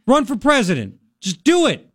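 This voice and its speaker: A man's voice: extremely high pitch, huge pitch swings, normal speed, no room sound, clean studio sound. A man hosting talk radio, giving indignant, mocking commentary.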